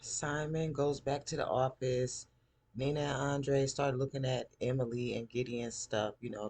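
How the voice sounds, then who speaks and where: Husky male recap host, animated, jumps up to play characters. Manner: animated, acts out characters' lines in raised pitch. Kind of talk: casual TV episode recap.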